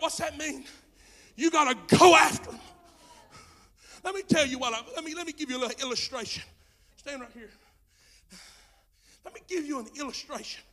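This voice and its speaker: A male pastor preaching a sermon with passion, dropping to a hush and then rising to shouts, in folksy Southern speech. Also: very high voice. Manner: impassioned preaching, swinging from hushed to shouting. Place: church sanctuary.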